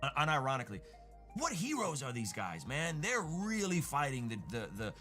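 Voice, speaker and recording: A man's voice: on the high side, huge pitch swings, moderate pace, pushed and bright, faint music behind. A man giving sarcastic, mock-praising online video commentary.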